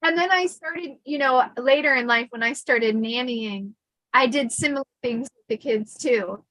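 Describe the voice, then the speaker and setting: A woman hosting a casual storytelling livestream, chatty and animated with lots of fillers. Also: sits high, normal speed, dry recording, low-quality recording. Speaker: host.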